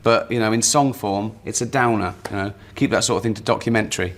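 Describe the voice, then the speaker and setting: A man in comedy banter, talking in a dry, rambling, deadpan way. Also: lowish voice, fast talker. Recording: music playing loudly underneath.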